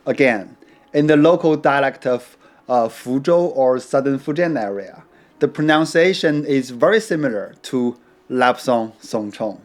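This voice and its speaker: A man giving a measured, unhurried explanation about tea, adding small playful asides. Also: medium pitch, expressive. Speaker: tea educator. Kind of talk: scripted educational narration.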